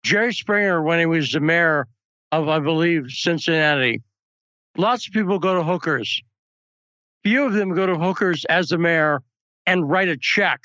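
A man's voice: a little high, normal speed, bright, forceful tone, no room sound, muffled recording. A man hosting a political talk show, chatting casually and telling anecdotes. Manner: chatty, storytelling asides.

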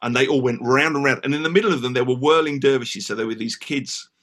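An English man telling a story as a guest in a casual podcast interview, animated and full of restarts. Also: medium pitch, quick pace. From England. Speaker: guest musician.

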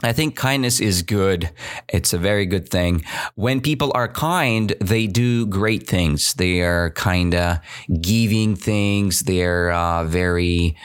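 A man's voice: low-pitched, slow pace, clear, resonant tone. A man teaching English vocabulary in a casual lesson, asking questions and tagging sentences with "right?", with non-native grammar. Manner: animated, asks many questions, says "right?" often. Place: indoors, drinking coffee at the mic.

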